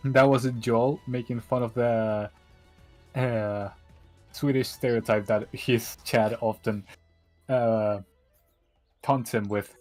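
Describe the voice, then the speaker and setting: A man's voice: medium pitch, steady tone, slow, pauses often, darkish tone, dry recording, soft background music. A man streaming, chatting casually and telling rambling anecdotes with frequent laughs. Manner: rambling storyteller, laughs often, acts out quotes. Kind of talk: casual chat on a livestream.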